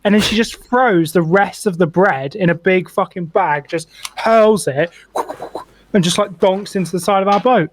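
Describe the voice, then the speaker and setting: A man's voice: sits high, moderate pace. A young man, a podcast co-host telling a rambling, sweary anecdote full of "like" in casual chat. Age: young adult. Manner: swears freely, animated anecdote with lots of "like".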